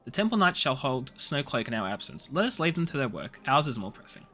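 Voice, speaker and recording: A man voicing a stern female commander in a game, formal and measured. His bright voice swings lively through each line, with faint game music underneath. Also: medium pitch.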